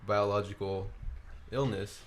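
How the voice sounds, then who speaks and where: A man's voice: lowish voice, fairly even intonation, a little hiss or hum. A young man co-hosting a podcast, talking earnestly and casually with lots of fillers. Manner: quick, earnest, full of fillers. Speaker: podcast co-host. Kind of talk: casual chat.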